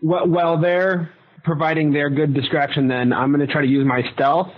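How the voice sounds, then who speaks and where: A man's voice: a little high, level tone, moderate pace. A man playing a tabletop game, talking in a plain, matter-of-fact way. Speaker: player. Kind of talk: casual tabletop play. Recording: dull lo-fi sound.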